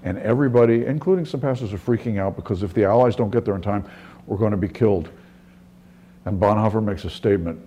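A man's voice: fairly low pitch, fairly quick, warm tone, lo-fi sound, slight background noise. A middle-aged man preaching a sermon as a pastor, telling stories conversationally and often restarting his sentences. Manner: conversational storytelling with frequent restarts.

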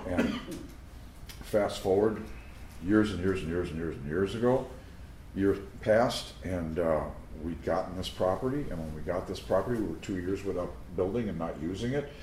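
A pastor with a low, slightly mellow voice delivers a sermon to a live audience in a teaching room, where the recording has a roomy echo and slight background noise. He tells stories conversationally, full of anecdotes and asides to the crowd.

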